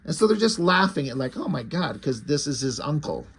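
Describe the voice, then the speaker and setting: A man's voice: on the high side, big pitch swings, fairly quick, fairly bright tone, husky. A man casually retelling a graphic novel's plot in a loose, rambling way. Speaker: book reviewer.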